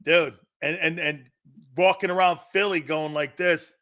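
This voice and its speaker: Loud, bright-voiced male sports host. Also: on the high side, measured pace. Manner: loud, joking, repeats words when excited. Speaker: show host. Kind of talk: casual sports radio banter.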